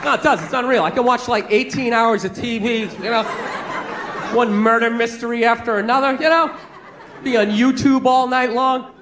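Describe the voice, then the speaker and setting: A male stand-up comic with a very high voice, ranting in an exasperated, profane way. The audience laughs, and noise rises from the room during the live show. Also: fairly even intonation, normal speed, fairly bright tone, a faint crowd. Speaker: stand-up comedian. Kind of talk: stand-up comedy set.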